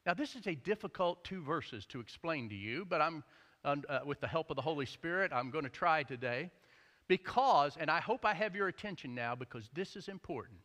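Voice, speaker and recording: Animated pastor with a high, lively voice. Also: male voice, brisk. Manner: animated, jokey storytelling. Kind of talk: sermon. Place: church sanctuary. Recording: echoey church hall.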